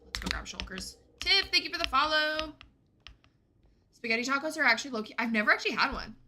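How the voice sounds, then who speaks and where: A woman's voice: high-pitched, animated, quick pace, sharp tone, a little hiss or hum. A woman streaming a game, chatting casually and answering her chat as she plays. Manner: chatty, reads and answers chat while playing. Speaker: gaming streamer.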